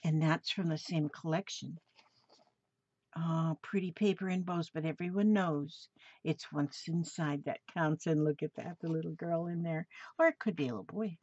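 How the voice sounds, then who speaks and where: A woman's voice: low voice, fairly even intonation, moderate pace, a little mellow, dry recording. A woman on a crafting channel, gushing and exclaiming as she shows off gifts she received in the mail. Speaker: crafting vlogger. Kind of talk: casual show-and-tell of a mail package. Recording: slightly dull home recording with faint noise.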